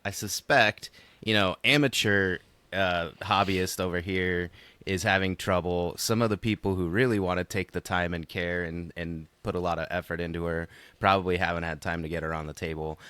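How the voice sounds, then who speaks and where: Male co-host, very low voice, dry close-miked sound, sarcastic casual banter. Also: moderate pace, fairly bright tone, smooth, no echo. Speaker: podcast co-host. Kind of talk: casual chat.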